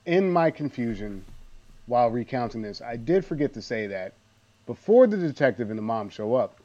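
A man's voice: medium pitch, big pitch swings, normal speed, dark tone, dull audio. A man co-hosting a podcast, talking casually about a film with rambling, dry asides. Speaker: podcast co-host. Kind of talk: casual movie recap chat.

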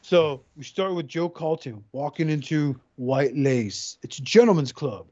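A man in casual podcast chat, profanely riffing and acting out quick voices. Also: on the high side. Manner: animated, profane, acts out voices. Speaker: podcast co-host. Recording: dull lo-fi sound.

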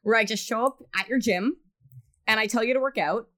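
A woman hosts a podcast in casual conversation. She bantering dryly and playfully, with an even, mid-range voice. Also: on the high side, fairly quick. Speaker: podcast host. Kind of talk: casual chat.

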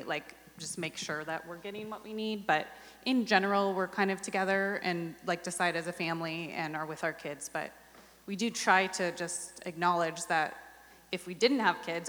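A woman's voice: fairly low pitch, a bit bright, in a large hall. A woman answering as a guest on a church panel, chatty and full of "like". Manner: chatty, uses "like" often.

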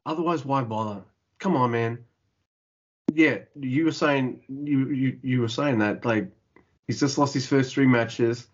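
A man's voice: medium pitch, unhurried. Man, podcast co-host, ranting, exasperated, swears, lo-fi sound. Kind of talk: casual wrestling chat.

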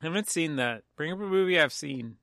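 A man's voice: fairly high pitch, lively intonation, fast talker, pushed and bright, no echo, clean studio sound. A man casually recapping a film's plot on a podcast, rambling and poking fun at himself. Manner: rambling, self-mocking plot summary. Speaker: podcast co-host. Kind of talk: casual movie-recap chat.

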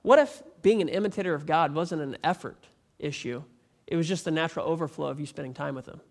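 A male pastor delivering a conversational, animated sermon that builds to emphatic peaks. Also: on the high side, fast talker, vocal fry. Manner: animated, rising to emphatic near-shouting peaks; conversational preaching with repeated restarts.

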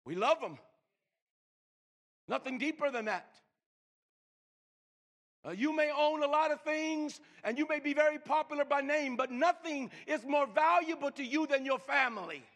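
An older man preaching a sermon, stammering and repeating words, swinging from loud emphasis to hushed slow lines. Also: extremely high pitch. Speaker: pastor.

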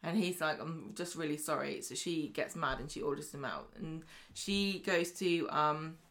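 A British woman co-hosting a podcast, briskly retelling soap episodes and acting out the characters' lines in casual chat. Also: low-pitched, a bit bright. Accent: British English. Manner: brisk storytelling recap, acting out quotes. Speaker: podcast co-host.

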